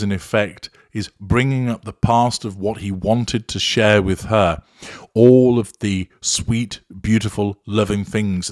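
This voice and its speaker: A man with a very deep voice delivers measured, clinical commentary, breaking down a recording point by point with deliberate emphasis. The sound is close and dry, with no room around it. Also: no room sound. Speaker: narcissism commentator.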